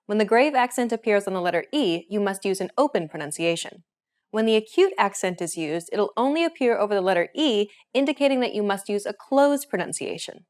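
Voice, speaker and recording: A woman hosting a language lesson, reading a script in a clear, even, instructive way. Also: medium pitch.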